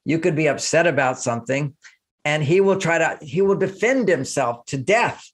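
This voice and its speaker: An older man with a somewhat high voice talks casually as a guest in an interview. He gets animated and acts out quoted speech to make his point. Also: normal speed. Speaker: relationship author, guest.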